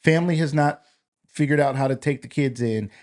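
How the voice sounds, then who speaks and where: A man's voice: medium pitch, brisk, darkish tone. A man hosting a conversational interview, affirming his guest with frequent encouraging interjections. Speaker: host.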